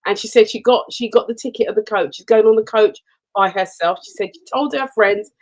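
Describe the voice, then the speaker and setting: Expressive woman telling stories. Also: mid-range voice, a little fast, poor audio. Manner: warm storytelling, expressive. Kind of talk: casual radio chat.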